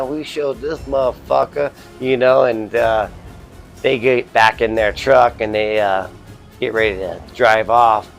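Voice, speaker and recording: A man casually reviewing a horror film, rambling, swearing constantly, full of "you know" and "uh" fillers. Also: fairly low pitch. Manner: rambling, heavily profane, filler-laden.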